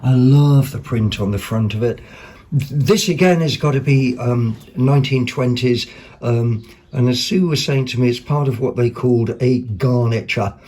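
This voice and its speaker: A man hosting a vlog, chatting casually about second-hand finds in a rambling, excitable way, full of ums and self-corrections. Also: mid-range voice, moderate pace. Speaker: vlog host.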